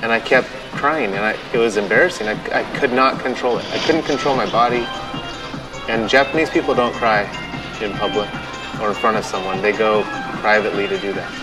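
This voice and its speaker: A man, a tattoo artist, telling his story in a documentary interview, halting and restarting often and quoting his own thoughts. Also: on the low side, fairly even intonation, over music, rough recording. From United States.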